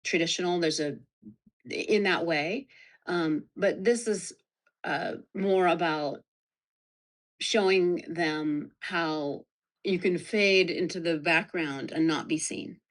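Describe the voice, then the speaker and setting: A woman speaking as a production designer in a casual panel talk, halting and searching for words. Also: fairly low pitch.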